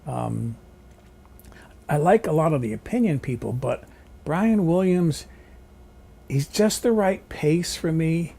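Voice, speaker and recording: A man's voice: on the high side, lively intonation, slow, vocal fry, long pauses, mellow, breathy edge. A man vlogging at home, chatting in a rambling, opinionated way. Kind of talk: casual rambling monologue. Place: home kitchen.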